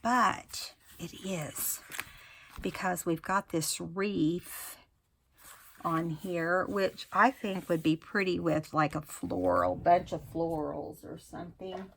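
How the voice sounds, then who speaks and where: A woman's voice: on the low side, fairly even intonation, takes it slowly, gravelly, a bit bright, slight background noise. A woman talking casually through a craft tutorial, thinking aloud as she works. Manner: chatty, thinks aloud while working. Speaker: craft vlogger.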